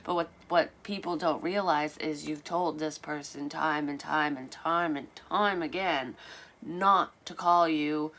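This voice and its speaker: Candid low-voiced woman telling a story. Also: measured pace, a bit bright. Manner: candid, swears freely, rambling with fillers. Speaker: vlogger telling a personal story. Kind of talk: casual storytelling.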